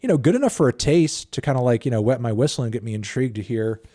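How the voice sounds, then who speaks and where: Brief: man, thirties, casual livestream music reviewer, mellow tone, swears a lot, rambles. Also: medium pitch, animated, fast. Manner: sarcastic, profane, rambling with fillers.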